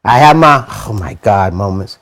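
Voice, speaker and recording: A man giving a motivational money talk, animated and preachy, with lots of rhetorical questions and slangy, casual phrasing. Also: lowish voice, normal speed. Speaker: money mentor.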